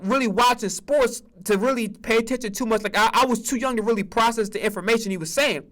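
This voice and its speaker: A man's voice: extremely high pitch, sharp tone. A man hosting a sports stream, ranting heatedly about football with constant swearing and stammered repeats. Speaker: sports streamer and podcast host. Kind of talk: profane sports rant.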